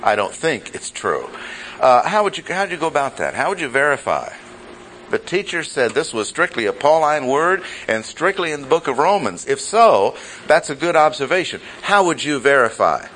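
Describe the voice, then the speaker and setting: A man teaching a Bible study class, speaking deliberately and repeating key phrases for emphasis. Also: fairly high pitch, big pitch swings, a bit bright, slight background noise, poor audio.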